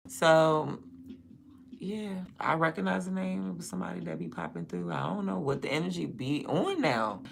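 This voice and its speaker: Low gravelly woman, blunt and profane. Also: lively intonation, moderate pace, slight background noise. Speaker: livestream host. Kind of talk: casual livestream chat.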